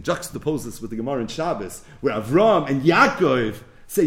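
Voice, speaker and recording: A man's voice: on the high side, very animated, normal speed, few pauses. A man teaching a religious class, telling a story animatedly and weaving Hebrew phrases into his English. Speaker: Torah teacher.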